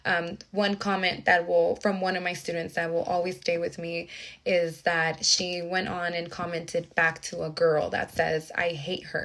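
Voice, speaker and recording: A young adult woman, a teacher, earnestly telling a personal story with many restarts and reflective pauses. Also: fairly low pitch, a bit bright.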